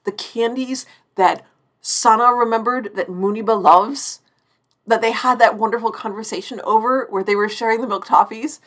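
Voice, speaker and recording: A woman's voice: on the high side, normal speed, fairly bright tone. A woman around forty hosting a live-stream TV review, effusive and chatty, often restarting her sentences mid-thought.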